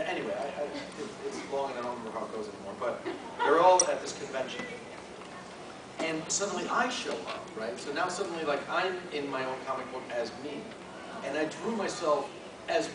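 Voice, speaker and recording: A man telling a self-mocking story in a lively, joking way to a convention audience, recorded from afar in an echoey hall. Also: a little high. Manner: lively, joking, self-mocking, with quick restarts and acted-out voices. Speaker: guest artist at a fan Q&A. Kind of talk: animated storytelling at a convention panel. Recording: echoey convention hall from far off, loud noise.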